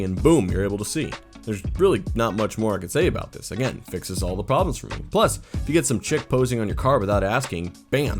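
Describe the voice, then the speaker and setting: A young man hosting a car video in casual scripted commentary, opinionated and playful with jokey asides. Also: fairly low pitch. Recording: music playing behind the voice.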